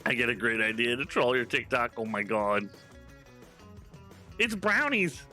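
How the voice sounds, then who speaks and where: A man from Canada streaming games, chatting casually and telling stories in an animated, profane way. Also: medium pitch, unhurried, soft background music. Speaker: game streamer. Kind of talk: casual live-stream chat.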